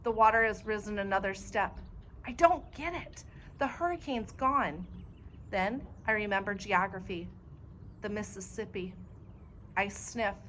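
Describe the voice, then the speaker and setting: A woman librarian reading a children's chapter book aloud in clear, expressive storytelling. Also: medium pitch, unhurried, a little hiss or hum.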